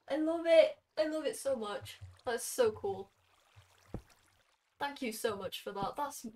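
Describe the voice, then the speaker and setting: A young woman streaming from her bedroom, chatting excitedly and gushing to her viewers. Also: high-pitched. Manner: excitable, gushing, talks to chat. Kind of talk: casual live-stream chat.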